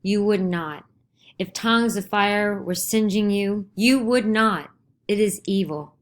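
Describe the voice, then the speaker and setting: A woman's voice: medium pitch, takes it slowly, pitched above the performer's own voice, close to an everyday voice. A woman voicing a fearful yet firm wife in a dramatized play reading, strained and pleading.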